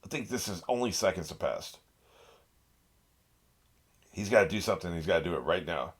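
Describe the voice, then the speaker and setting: A reaction channel host with a deep, husky, expressive voice talks briskly through an anime episode. His casual commentary grows heated as he laughs often and swears at what the characters do.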